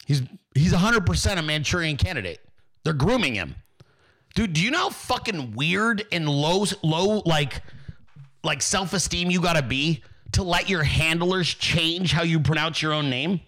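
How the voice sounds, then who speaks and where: A man's voice: on the high side, expressive, moderate pace, fairly bright tone. A man hosting a political commentary show, ranting and mocking with constant swearing.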